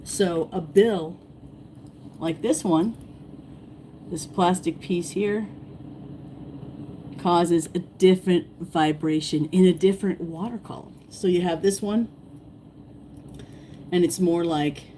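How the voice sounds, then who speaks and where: Slow-talking hoarse woman hosting a fishing livestream. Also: on the low side, dark tone, slight background noise, poor audio. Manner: rambling, repeats words, greets chat viewers. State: losing her voice, clearing throat. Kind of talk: casual live-stream chat.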